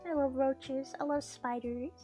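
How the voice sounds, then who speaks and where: A woman's voice: high-pitched, little pitch movement, unhurried, dark tone, soft background music. A woman streaming a game, chatting casually, swearing freely and laughing often. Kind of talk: casual gaming stream chat.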